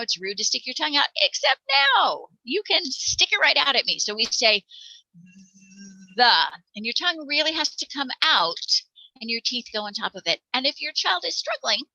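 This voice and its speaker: Bright-voiced woman teaching phonics. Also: on the high side, no room sound, rough recording. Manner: encouraging, demonstrates sounds aloud. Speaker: teacher presenting a parent workshop. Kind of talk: phonics lesson for parents.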